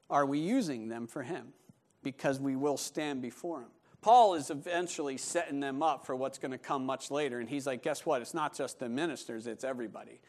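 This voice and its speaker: A male pastor delivers a sermon in a loose, conversational way, with jokes mixed in. His voice sits notably high for a man. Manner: conversational and joking.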